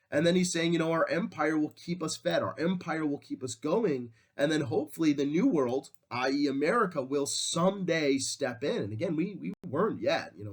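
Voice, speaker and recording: A man's voice: on the high side, slightly rough. Casual, conversational male history teacher. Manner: conversational, lots of fillers. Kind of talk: casual lecture.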